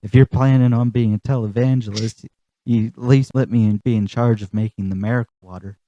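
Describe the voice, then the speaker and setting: A man's voice: medium pitch, steady tone, a little fast, warm tone, no echo, dull audio, natural voice. A man voicing a self-assured middle-aged cartoon mom who chides in a lightly altered voice. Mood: chiding.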